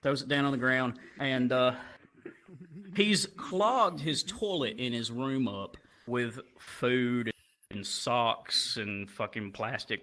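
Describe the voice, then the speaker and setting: A young man doing crude, animated stand-up storytelling that jumps up into loud shouts. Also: medium pitch. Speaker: stand-up comedian.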